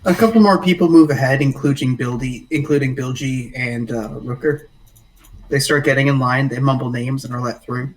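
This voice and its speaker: A man running a tabletop game as game master, narrating in a relaxed way full of fillers. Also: mid-range voice, moderate pace, distant mic, rough recording.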